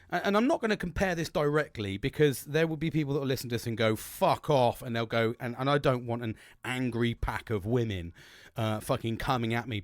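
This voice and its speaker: A man's voice: medium pitch, no echo. Sweary rambling man, dry sound. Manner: rambling, heavy swearing, frank and self-mocking. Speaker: podcast host. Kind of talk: solo podcast monologue.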